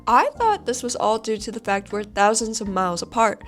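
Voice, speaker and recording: A woman's voice: mid-range voice, steady tone, brisk, faint music behind. A congested woman with braces reading online stories aloud, chatty and full of sarcastic asides. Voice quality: slightly altered speech from braces. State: congested, nasal. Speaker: storytime video host.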